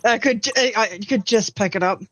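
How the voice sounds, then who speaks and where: A man chatting casually with a relaxed, dry humor. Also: high-pitched, brisk, a little hiss or hum. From New Zealand. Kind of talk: casual chat.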